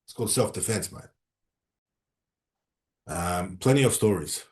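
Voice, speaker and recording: A middle-aged man with an Australian accent hosting a casual livestream from a room in a consulate, chatting and reading out viewer comments in an animated, rambling way. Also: low-pitched, unhurried. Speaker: livestream host. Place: room inside a consulate building. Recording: roomy echo.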